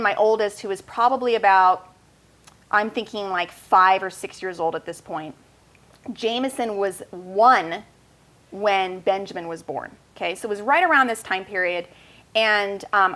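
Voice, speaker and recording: A woman in her thirties hosting a casual talk show, telling an animated personal story. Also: medium pitch. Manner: storytelling, animated, acts out voices in anecdotes. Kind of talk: casual chat.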